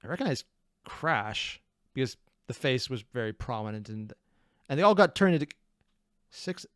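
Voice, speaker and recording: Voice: medium pitch, moderate pace, no room sound, clean studio sound. A person hosting a reaction video, chatting casually, laughing often and cutting themselves off mid-thought. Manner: excitable, laughing, self-interrupting.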